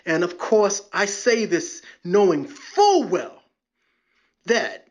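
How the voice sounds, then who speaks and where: A man talking alone on his podcast, moving from scripture to wry jokes. His voice rises and falls in a lively way. The sound is muffled and lo-fi. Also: high-pitched, slow. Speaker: podcast host. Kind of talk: solo podcast monologue.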